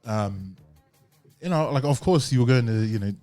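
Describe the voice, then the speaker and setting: A man's voice: mid-range voice, expressive, normal speed, a little mellow, no room sound, soft background music. A man hosting a podcast, chatting casually with many fillers and laughs as he tells a story. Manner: rambling, laughing, full of fillers. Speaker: podcast host. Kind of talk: casual chat. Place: podcast studio.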